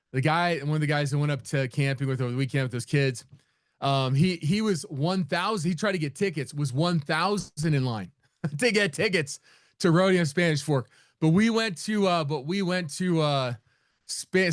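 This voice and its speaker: A man's voice: fairly high pitch, clear, resonant tone, dry recording, studio quality. A middle-aged man rambling casually as he hosts a live trading room session, with frequent restarts and laughs. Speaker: trading educator.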